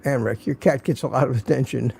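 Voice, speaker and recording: A man's voice: mid-range voice, brisk, vocal fry, darkish tone, slightly rough. An older man hosting a casual livestream, greeting viewers by name and reading their comments aloud in a folksy way. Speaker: livestream host.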